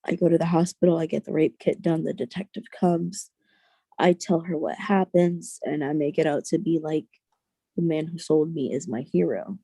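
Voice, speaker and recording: A young adult woman, a podcast guest, telling a personal story in an earnest, halting way with many restarts. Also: low-pitched, fairly even intonation, mellow, breathy edge, no echo.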